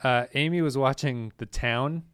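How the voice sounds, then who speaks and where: Relaxed male podcast co-host, dry mic. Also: mid-range voice, normal speed, clear, resonant tone, dry recording. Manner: relaxed, reads a long list of supporter names. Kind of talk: casual chat.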